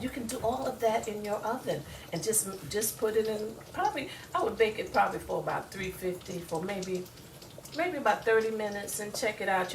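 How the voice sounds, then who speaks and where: A woman's voice: mid-range voice, slight background noise, poor audio. Chatty woman over sizzling pan. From US South. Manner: chatty and folksy, talks straight to viewers. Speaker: cooking show host. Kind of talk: casual cooking demonstration. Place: home kitchen. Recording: loud frying sizzle behind voice. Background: food sizzling in a frying pan.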